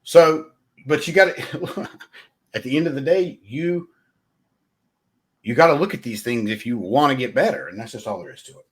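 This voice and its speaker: A man's voice: medium pitch, expressive, moderate pace, long pauses. A man hosting a podcast, giving blunt sales coaching in a conversational way and often checking in with "right?". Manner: talks straight to the listener, blunt. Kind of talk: solo motivational sales talk.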